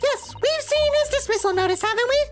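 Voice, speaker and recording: A man voicing a polite, cheerful young woman assistant in a very high falsetto. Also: lively intonation, fairly quick, faint music behind. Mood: chirpy.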